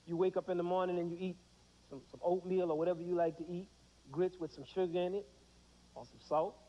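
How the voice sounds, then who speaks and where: Heard through what resembles a dull 1990s TV broadcast, this high-voiced American in his thirties delivers a children's music lesson in a brisk, flat, mellow way. He keeps asking the class questions, then supplies the answers on his own.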